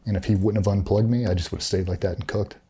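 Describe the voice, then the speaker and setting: Middle-aged male guest, candid and profane storyteller, dark low voice. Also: fairly even intonation, quick pace, a little hiss or hum. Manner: blunt, profane, matter-of-fact retelling. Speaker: interview guest, former special operations veteran.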